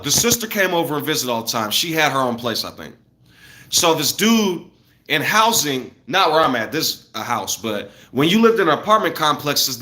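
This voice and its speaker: A man in his thirties telling stories at home on a casual livestream, in an animated, loose and profane way, talking straight to his viewers. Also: on the high side.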